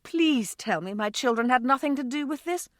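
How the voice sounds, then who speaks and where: A woman voicing a warm, caring mother who speaks earnestly. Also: high-pitched, animated, moderate pace, no room sound, studio quality, pitched above the performer's own voice.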